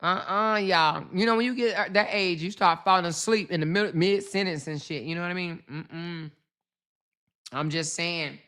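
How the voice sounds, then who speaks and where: Woman ranting casually to her viewers, bright tone, cusses a lot and keeps repeating herself. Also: fairly low pitch, moderate pace. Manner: blunt, profane, repeats herself, asides to viewers. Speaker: channel host. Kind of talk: casual livestream commentary.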